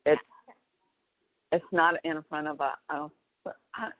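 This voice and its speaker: A middle-aged woman chatting casually on a phone call, talking haltingly with many restarts. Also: sits low, flat delivery, dry recording. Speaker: relative on a prison call. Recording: tinny phone line.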